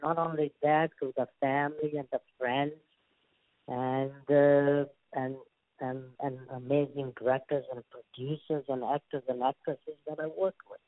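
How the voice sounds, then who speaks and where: Older Indian-accented actor, rambling storyteller who stammers through restarts; dry, tinny phone-line sound. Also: male voice, medium pitch, fairly even intonation, unhurried, no room sound. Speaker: guest actor. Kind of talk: casual interview storytelling.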